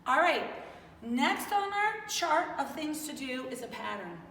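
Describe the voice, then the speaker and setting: A woman's voice: high voice, very animated, a little slow, fairly bright tone, slight background noise. A woman teaching young children in an online class in an upbeat, coaxing, sing-song manner. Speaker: kindergarten teacher. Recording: roomy echo, distant mic, faint ambience.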